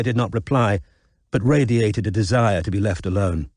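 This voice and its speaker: A man narrates a scripted audiobook in a measured, even delivery, his voice on the low side. The recording is close and dry, with no room sound or echo.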